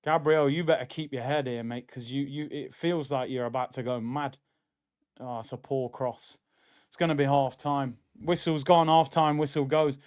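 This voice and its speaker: A man's voice: mid-range voice, fairly even intonation, normal speed, darkish tone, smooth, highs cut off. A young adult man hosting a live football watchalong stream, reacting to the match and reading out chat messages in an exasperated, slangy rant.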